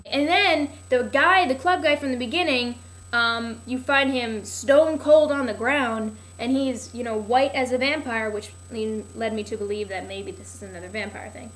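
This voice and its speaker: A woman's voice: fairly high pitch, normal speed, a bit bright. Rambling young woman doing a sarcastic recap. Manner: rambling and sarcastic, heavy use of "like", loses her place. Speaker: vlogger recapping a TV show.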